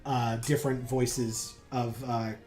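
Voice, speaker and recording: Male stream co-host, loose and rambly, music playing low in the back. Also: level tone, slow pace, a little mellow. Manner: rambling, many fillers and restarts. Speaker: co-host of a game livestream. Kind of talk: casual chat while playing.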